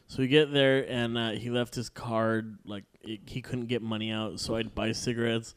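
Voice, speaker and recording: A man's voice: mid-range voice, level tone, normal speed, hardly any pauses, smooth. A man on a podcast casually telling a crude, joking story. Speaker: podcast co-host.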